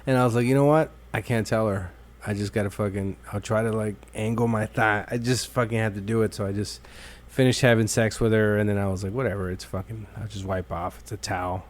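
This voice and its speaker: A man's voice: fairly low pitch, brisk. A man hosts a podcast and tells crude stories in casual chat. He swears freely, laughs often and acts out quotes from the story. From Mexican-American from Illinois. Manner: profane, animated storytelling with laughs. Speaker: podcast host.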